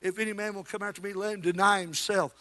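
A male preacher delivering a sermon. He swings between shouted exhortation and quiet, conversational storytelling. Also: sits high, little pitch movement, quick pace.

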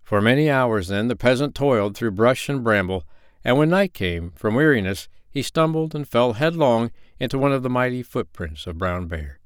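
A man narrating an old-fashioned fairy tale in a measured, expressive reading. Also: mid-range voice, clear, resonant tone, dry recording, clean studio sound. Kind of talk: storybook narration.

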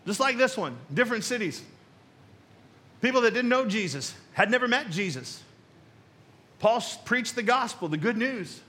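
A man preaching a sermon in a high, bright voice. He talks in a conversational way, mixing stories and jokes into the message. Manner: conversational, storytelling, playful. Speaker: pastor.

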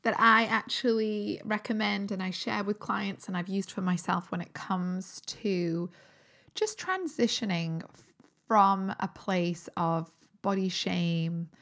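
A British woman, a holistic nutritionist, hosting her own podcast in a chatty, upbeat way, her voice still a little croaky from a recent cold. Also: medium pitch, slow, a bit bright. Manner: chatty and upbeat, with frequent fillers and restarts. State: slightly croaky voice recovering from a cold. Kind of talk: casual solo podcast talk.

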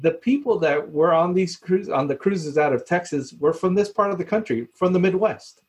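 A man's voice: sits high, expressive, moderate pace. A man telling a story in casual talk, laughing often and acting out the people he quotes. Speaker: podcast guest, former cruise ship purser.

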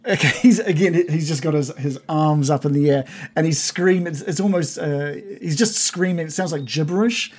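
A game master narrating a tabletop game, halting, with many restarts. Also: medium pitch, noisy background. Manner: hesitant, full of restarts.

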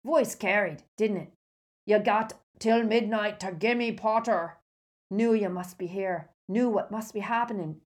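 Lady doing a big rough-talking giant gamekeeper, booming and clipped, storybook voice pitched up high. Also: measured pace, close to an everyday voice. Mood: urgent. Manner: loud, clipped dialect speech.

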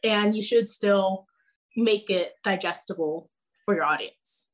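A woman's voice: medium pitch, unhurried. A woman who teaches belly dance, chatting casually on a podcast, leaning on filler words and laughing often.

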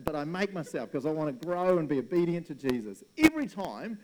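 Casual joking pastor. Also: male voice, a little high, brisk. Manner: casual, joking, animated storytelling. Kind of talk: sermon.

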